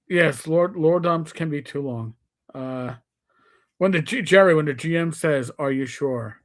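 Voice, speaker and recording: A man with a New York accent, in his fifties, spinning stories on a casual live stream. His voice sits slightly higher than most men's. He slips into quick voices for the people he quotes. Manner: storytelling, acts out quoted players with shifting voice. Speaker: co-host.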